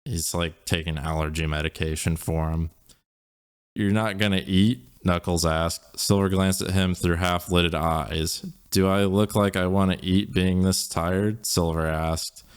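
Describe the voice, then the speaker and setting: A man's voice: low voice, fairly even intonation, measured pace, smooth. A man co-hosting a comedy show, reading fan fiction aloud with dry asides. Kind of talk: comedic read-through.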